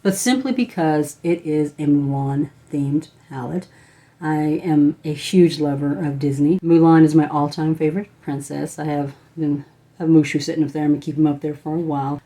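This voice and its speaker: This woman, a U.S. beauty vlogger likely in her thirties, gushes over eyeshadow palettes in a relaxed product review. Her voice sits low and sounds warm.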